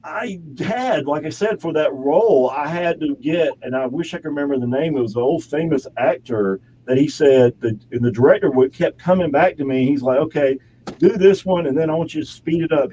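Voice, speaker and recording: A man's voice: medium pitch, dark tone, a little hiss or hum, poor audio. A man, an actor and model, chatting as an interview guest in his home studio, rambling through stories with frequent laughs. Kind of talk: casual interview chat.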